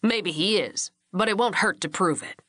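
A woman voicing a gruff ranch father barking orders. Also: sits high, moderate pace, pushed and bright, dry recording, studio quality. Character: gruff commanding ranch patriarch, middle-aged man.

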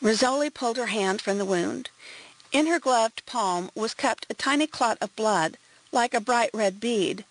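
A woman's voice: fairly high pitch, measured pace, low-quality recording. Composed woman audiobook narrator. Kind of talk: scripted narration.

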